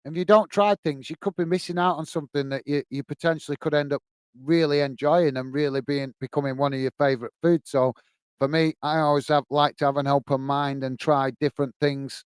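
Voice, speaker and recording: A man's voice: a little high, fairly even intonation, fairly quick, clean tone, no echo. A man hosting a live football watch-along, chatting casually between match commentary and reading viewers' messages, with rambling self-corrections and a friendly "mate" manner.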